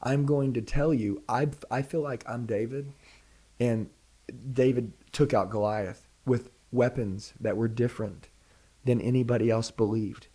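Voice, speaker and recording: Husky, hard-driving motivational man. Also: mid-range voice, fairly even intonation, unhurried. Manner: forceful, direct, preachy delivery with rhetorical questions. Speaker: sales trainer, podcast guest. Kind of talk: intense motivational pitch.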